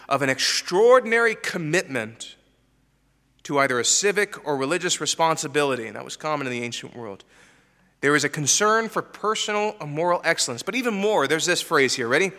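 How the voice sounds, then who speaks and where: Delivering a sermon full of rhetorical questions, this male pastor speaks emphatically to the congregation. His slightly high voice has a sharp tone, and a long hall reverb trails after it.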